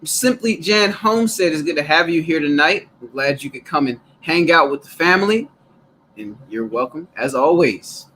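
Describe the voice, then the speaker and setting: A man's voice: on the high side, lively intonation, moderate pace, sharp tone, slight background noise. A man co-hosting a casual live stream, laughing often and greeting viewers in the chat. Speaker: co-host of a live gardening stream.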